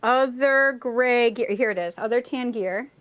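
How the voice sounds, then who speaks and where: A woman's voice: a little high, measured pace, a bit bright. A woman hosting a casual chat while building a LEGO set, playful and making little sound effects. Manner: playful, tells stories with acted-out quotes and sound effects. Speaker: host.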